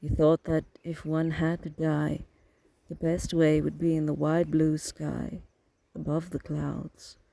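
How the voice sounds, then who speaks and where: A man narrating an audiobook in a steady, flat reading with a gravelly rasp. His voice sits somewhat high but sounds dark and mellow, recorded dry and close with no room sound. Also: slow pace, no echo, poor audio. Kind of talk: scripted narration.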